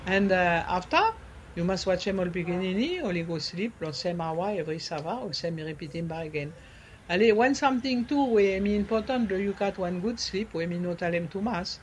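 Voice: medium pitch, a little fast, slight background noise. Ni-Vanuatu nurse giving advice. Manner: mixes in French words. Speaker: nurse, health guest. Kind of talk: casual health advice talk.

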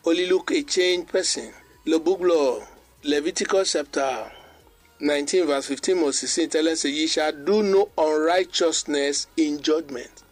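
A male preacher, delivering a sermon and reading scripture slowly. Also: a little high, no room sound, faint music behind. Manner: preaches in a creole-mixed English, quoting scripture slowly.

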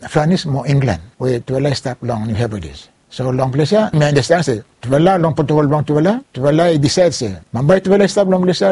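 A man with a Ni-Vanuatu Bislama accent recounting his life story in an interview, halting and slipping between Bislama, English and French. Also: fairly high pitch, warm tone, slightly rough, no room sound.

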